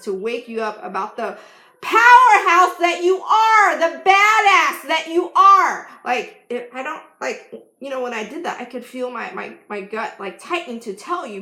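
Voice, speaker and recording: A woman life coach giving an emphatic motivational vlog talk, laughing often. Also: a little high. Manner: bursts into loud yelled affirmations. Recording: echoey room.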